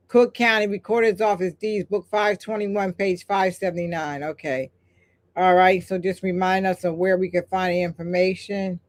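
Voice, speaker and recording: An older woman hosting a live stream, talking in an emphatic, repetitive, preacher-like cadence and breaking off for chatty asides while she reads the chat. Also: medium pitch. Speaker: host. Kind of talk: live-stream talk reading chat comments.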